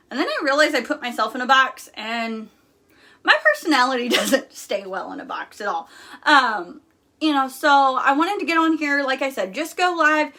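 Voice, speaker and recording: A woman's voice: high voice, bright, forceful tone. A young woman hosting a casual live stream, talking bluntly and candidly with lots of fillers.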